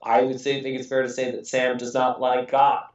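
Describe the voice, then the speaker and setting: A man's voice: mid-range voice, completely flat delivery, normal speed. A man who grew up in England, hosting a casual podcast conversation, talking in a rambling way with many fillers, restarts and frequent laughs. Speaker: podcast host. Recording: echoey room, distant mic, dull audio.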